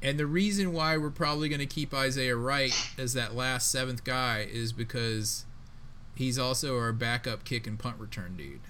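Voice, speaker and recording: A man co-hosting a casual sports podcast, talking in an emphatic, excitable way with plenty of slang. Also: medium pitch, normal speed, a little hiss or hum. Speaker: podcast co-host.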